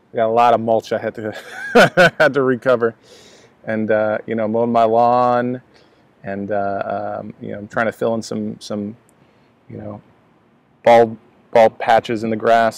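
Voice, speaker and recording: A man's voice: medium pitch, no room sound. A man casually reviewing a cigar outdoors, rambling with many fillers and restarts. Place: outdoors at a laptop, breezy day.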